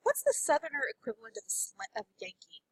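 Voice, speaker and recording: A woman's voice: high-pitched, huge pitch swings, a little fast, a little hiss or hum, low-quality recording. A woman playing a tabletop game, asking questions in casual chat. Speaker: player.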